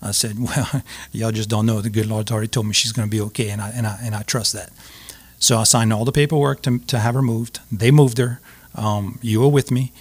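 A middle-aged man, a guest telling a personal story in an earnest, halting way with many restarts. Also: lowish voice, steady tone, slightly rough.

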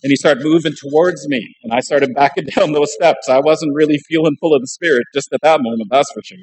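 A man preaching in church, telling a dramatic story in an animated way that swings between loud and soft, then leading a prayer. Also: a little high, brisk, breathy edge, rough recording. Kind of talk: storytelling sermon with closing prayer. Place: church sanctuary.

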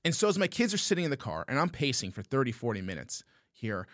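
A man co-hosting a podcast, telling a long story in a casual, animated way and often tagging lines with "okay?". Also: mid-range voice, fast talker, no echo, clean studio sound. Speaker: podcast co-host.

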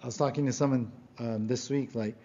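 A man's voice: medium pitch, fairly even intonation, brisk, mellow. Earnest preaching man, dull lo-fi recording. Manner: earnest, emphatic preaching with rhetorical questions. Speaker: pastor. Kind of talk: sermon.

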